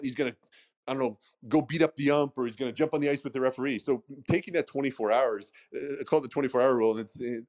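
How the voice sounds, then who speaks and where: Business owner guy talking fast, loose and rambly, middle pitch. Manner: rambling, conversational, frequent "right?" tags. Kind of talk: casual panel discussion.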